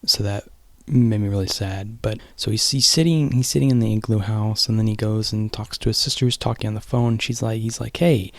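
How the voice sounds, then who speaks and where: A man's voice: fairly low pitch, fairly even intonation, brisk, no echo. A young man casually rambling through a movie recap, restarting often and sometimes dropping to a whisper. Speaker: vlogger.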